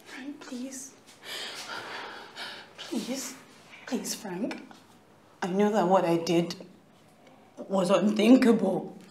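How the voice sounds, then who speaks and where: A woman's voice: medium pitch, drawn-out words, pauses often, dark tone, reverberant, a little hiss or hum. An actress playing a desperate wife who begs her husband again and again to forgive her, sobbing and breaking down. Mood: pleading. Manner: pleading, breaking into sobs.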